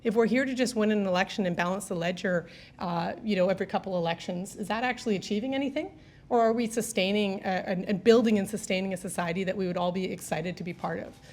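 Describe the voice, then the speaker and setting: Brief: woman speaker at a podium mic in an event room, mid-pitched, earnest and halting. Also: a little mellow. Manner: earnest, slow, searching delivery with restarts. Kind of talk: live speech to an audience.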